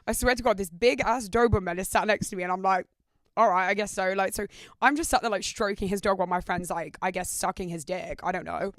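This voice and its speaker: A woman's voice: medium pitch, fairly bright tone, no room sound. Sweary British woman telling stories. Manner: candid, sweary, heavy use of "like". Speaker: podcast host. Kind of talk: casual storytelling chat.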